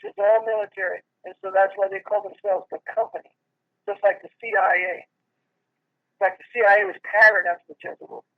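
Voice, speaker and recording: A man's voice: high-pitched, steady tone, fairly quick, phone-quality sound. A man speaking as an interview guest, emphatic and lecturing, acting out quoted dialogue as he tells stories. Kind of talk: conversational interview.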